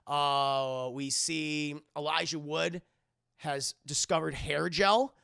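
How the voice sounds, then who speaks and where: A man with a gravelly, bright voice, rambling through a movie recap on a livestream. He swears freely and often corrects himself mid-sentence. The sound is dry and close. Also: a little high, fairly even intonation, slow pace, no echo. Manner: rambling, profane, self-correcting. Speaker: movie reviewer and streamer. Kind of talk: casual film recap on a livestream.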